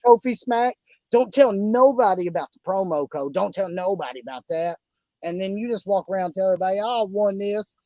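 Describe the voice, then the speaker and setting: A man's voice: high-pitched, expressive, a little fast, dark tone, no echo, rough recording. A man with an Oklahoma country accent hosting a casual fantasy football podcast, folksy and effusive, calling everyone buddy and brother. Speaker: podcast host.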